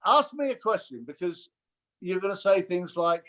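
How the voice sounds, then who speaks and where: An older man chatting as a guest, telling lively stories and mimicking voices. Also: high voice, fairly quick. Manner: animated storyteller, mimics voices. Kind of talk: casual chat.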